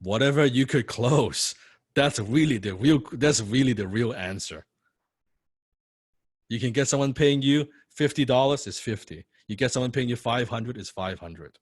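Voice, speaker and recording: A man's voice: medium pitch, lively intonation, moderate pace, breathy edge, no room sound, clean studio sound. Blunt accented man coaching copywriters. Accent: non-native English accent. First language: not English. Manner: blunt, forceful, profane and repetitive. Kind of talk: motivational coaching talk.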